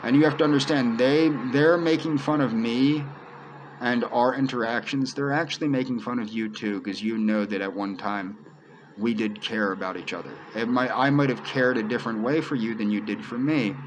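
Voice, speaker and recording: A man's voice: mid-range voice, moderate pace, background noise. A man giving an earnest personal monologue to camera, pleading and repeating himself as he addresses one person directly. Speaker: video creator.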